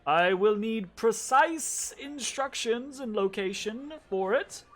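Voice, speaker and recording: A man voicing a hungover, boisterous and forgetful male scholar in a tabletop game, with loud exclamations. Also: sits high, lively intonation, slow, pitched above the performer's own voice. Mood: delighted. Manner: loud, exclamatory, slurred enthusiasm.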